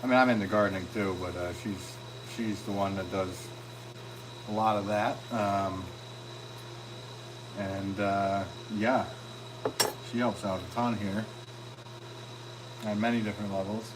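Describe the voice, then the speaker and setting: A man's voice: on the low side, steady tone, unhurried, pauses often, noisy background. A middle-aged man hosting a casual live stream as a potter, chatting with viewers in an easygoing, rambling, jokey way. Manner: easygoing, rambling, jokey with frequent ums and restarts. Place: pottery studio.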